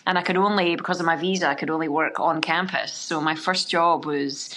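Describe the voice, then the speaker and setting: A woman's voice: steady tone, brisk, bright, forceful tone. A middle-aged Scottish woman chatting as a podcast guest, bubbly and full of energy. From Scotland. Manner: bubbly, high-energy, exclamatory. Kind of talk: casual chat.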